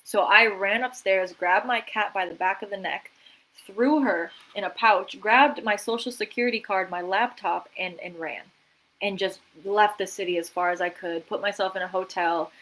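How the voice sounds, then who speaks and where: A woman's voice: medium pitch, fairly even intonation, normal speed, fairly bright tone, poor audio. A woman guest on a livestream interview, retelling events vividly and dramatically, quoting her own thoughts. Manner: vivid, dramatic retelling with quoted inner voices. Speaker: guest, artist and author.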